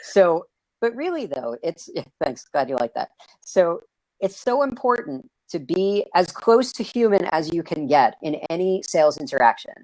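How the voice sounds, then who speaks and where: Host type: an excitable man chatting over a video call, bouncy delivery, dry close sound. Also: on the high side, normal speed, no echo, rough recording. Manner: energetic, excitable, raises his voice. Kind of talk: casual live video-stream chat.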